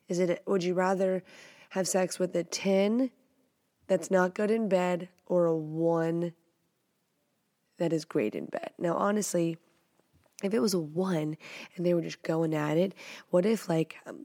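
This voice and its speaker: A woman's voice: on the low side, dark tone, no room sound, studio quality. A young woman hosting a podcast, answering questions in a blunt, playful, self-mocking casual chat. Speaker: podcast host.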